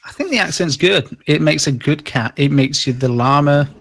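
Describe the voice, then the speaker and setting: A man's voice: a little high, moderate pace, vocal fry, a bit bright, slightly rough, no echo. A man from Britain chatting on a livestream, wry and teasing, often sighing "oh dear". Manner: dry, wry, lots of "oh dear". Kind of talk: casual livestream chat.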